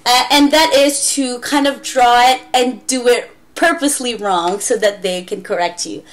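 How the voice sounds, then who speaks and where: A woman's voice: a little high, moderate pace, fairly bright tone. A woman who teaches English online, giving a chatty how-to tutorial with playful demonstrations. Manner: chatty, demonstrates with exaggerated gasps and wows.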